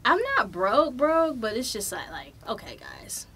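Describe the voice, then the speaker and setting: A young adult woman hosting a podcast, telling a travel story in a loose, animated way with plenty of swearing. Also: medium pitch, a little slow, slight background noise. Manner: profane, animated, loose and chatty. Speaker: podcast host. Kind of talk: casual storytelling.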